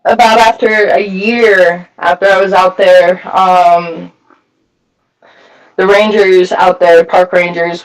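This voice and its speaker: A man giving candid personal testimony at a recovery meeting, telling his story bluntly with lots of swearing and filler words, his voice a bit far from the mic. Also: high-pitched. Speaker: speaker sharing a recovery story.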